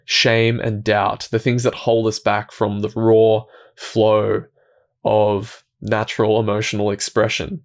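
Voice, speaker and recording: A man hosting a reflective self-help talk, speaking calmly and gently, often restarting his thoughts and dropping into soft, quiet asides. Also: on the low side, slow pace. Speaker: self-help video host.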